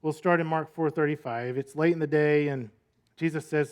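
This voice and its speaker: A man's voice: fairly high pitch, fairly even intonation, normal speed. A male pastor giving a sermon in a conversational, storytelling way, full of rhetorical questions.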